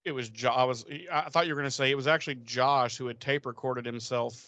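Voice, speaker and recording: A man co-hosting a podcast, retelling an episode in casual, profane, animated chat. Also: medium pitch, fast talker, dry recording, highs cut off. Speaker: podcast co-host.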